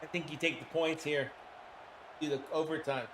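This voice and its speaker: A man with a hoarse throat hosting a livestream, giving casual play-by-play commentary in an excitable, chatty way with casual swearing. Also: a little high, normal speed, background noise. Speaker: livestream host.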